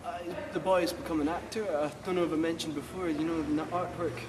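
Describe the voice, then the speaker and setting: A man hosting a spoof town tour, talking outdoors in a rambling, deadpan way with swearing asides. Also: fairly high pitch, fast talker. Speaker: spoof town guide host. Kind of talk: mock-serious walking tour monologue. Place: outdoors in town streets, windy. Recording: windy outdoor sound, far from mic.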